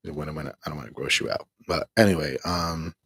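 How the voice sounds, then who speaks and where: A middle-aged man hosting a livestream, talking in a weary, exasperated way with a husky voice and rueful laughs while he reads the chat. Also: a bass voice, fairly even intonation, fast talker, sharp tone, no echo. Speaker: livestream host. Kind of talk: venting on a livestream, reading chat.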